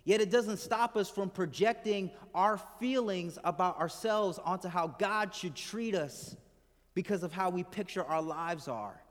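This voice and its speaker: A man preaching a sermon to a congregation, chatting and asking them questions, letting his voice drop soft and low at the ends of phrases. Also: a little slow. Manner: conversational, asks the congregation questions. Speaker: pastor. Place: church hall with congregation. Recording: hall reverb from the room.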